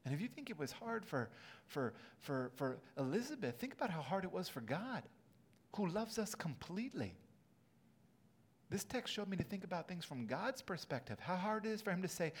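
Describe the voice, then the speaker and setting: A man's voice: sits high, very animated, normal speed, breathy edge. A man preaching a sermon as pastor in a church sanctuary, earnest and building to emphatic peaks.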